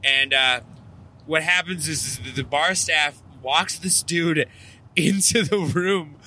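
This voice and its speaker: A man co-hosting a podcast in a moving car, telling a wild anecdote in a profane, excitable way and laughing as he goes. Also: a little high, slow pace. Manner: excitable, profane, laughs through his story. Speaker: podcast co-host.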